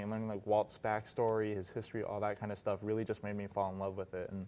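Young male interview guest, low-pitched, easygoing, lots of "like" and "um". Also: fast. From Arizona, US. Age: 20s. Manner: relaxed, many fillers and "like". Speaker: guest, resort concierge. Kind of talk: casual interview. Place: podcast studio.

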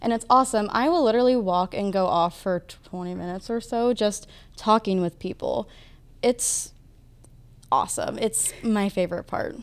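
A woman's voice: medium pitch, normal speed, smooth. A young woman working as a theme park custodian, telling upbeat stories in a casual interview. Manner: upbeat storytelling.

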